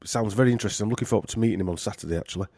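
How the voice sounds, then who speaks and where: Rambling Yorkshire man, lowish dry voice. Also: very fast, mellow, slightly rough, no room sound. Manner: rambling, joking, many fillers. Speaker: podcast host. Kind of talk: casual podcast chat.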